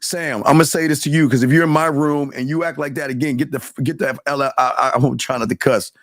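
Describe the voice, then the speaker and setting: A man's voice: mid-range voice, fairly even intonation, fast talker, no echo, clean studio sound. A man hosting a live call-in show, quizzing callers and cutting them off when they ramble. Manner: bossy, impatient with callers.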